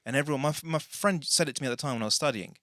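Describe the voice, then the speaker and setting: Man, podcast host, casual chat, crisp bright voice, restarts and tangents, dry room. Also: mid-range voice, very fast, no echo. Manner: rambling, self-correcting, full of tangents.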